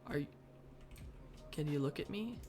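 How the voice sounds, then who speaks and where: A woman's voice: sits low, lively intonation, moderate pace, warm tone. A woman streaming live from her desk at home, muttering wry gameplay commentary to herself and easily getting sidetracked. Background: faint background music.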